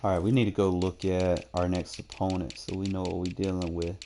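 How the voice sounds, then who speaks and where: This young man's voice is deep and mellow, delivered flatly and fairly quickly over slight background noise. As a gaming streamer, he offers relaxed, slangy commentary on his football video game stats, muttering his thoughts aloud while he looks them over.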